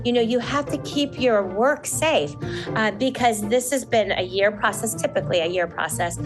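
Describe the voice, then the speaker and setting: A woman who works as a wedding coordinator, answering interview questions and telling stories with lively acted-out quotes. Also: on the high side, moderate pace, music in the background, low-quality recording. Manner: animated storyteller, acts out quotes.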